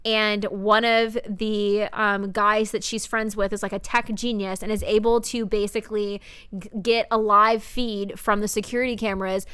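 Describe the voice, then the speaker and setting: A woman's voice: medium pitch, normal speed, smooth. A young adult woman co-hosting a podcast, chatting animatedly about books with many fillers. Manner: animated, lots of fillers and retold quotes. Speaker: podcast co-host. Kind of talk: casual book chat.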